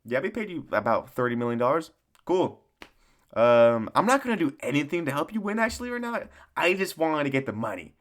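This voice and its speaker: A man's voice: on the high side, very animated, brisk. A man putting on the voice of a smug, overpaid football player who shrugs off his job, in a mocking, offhand way.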